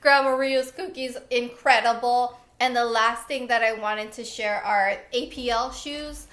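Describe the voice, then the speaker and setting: Young woman vlogger, bright and a bit high, excitable and chatty, echoey room. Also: a little slow. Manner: chatty and excitable, laughs often. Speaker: lifestyle vlogger. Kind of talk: casual favorites chat.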